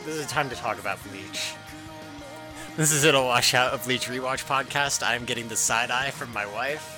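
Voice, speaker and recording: A man's voice: medium pitch, moderate pace, over music. Casual swearing podcast guy. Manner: laughing, swearing, with restarts. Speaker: podcast co-host. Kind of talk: casual chat.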